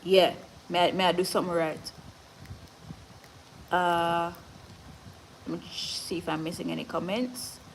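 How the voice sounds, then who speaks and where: A woman's voice: fairly low pitch, flat delivery, unhurried, creaky, long pauses, slight background noise, rough recording. A woman with a Jamaican accent, hosting a casual live stream and reading viewer comments. She talks in an earnest, motivational way, moves between patois and standard English, and is short of breath.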